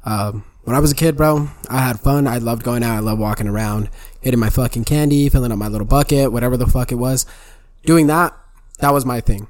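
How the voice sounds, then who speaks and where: A man's voice: medium pitch, brisk. A young man co-hosting a podcast, telling loose, profane stories and saying "bro" and "dude". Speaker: podcast co-host. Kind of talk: casual chat.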